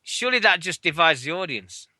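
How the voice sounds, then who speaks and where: A man's voice: on the high side, no echo. A British man co-hosting a wrestling radio show, ranting in casual, sweary chat. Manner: swearing, excitable, fast ranting.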